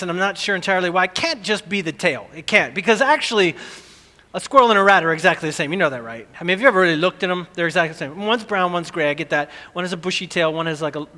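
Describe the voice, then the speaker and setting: A middle-aged man preaching a sermon, telling a family story with lively, animated delivery and acted-out screams. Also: high voice, in a large hall. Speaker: pastor.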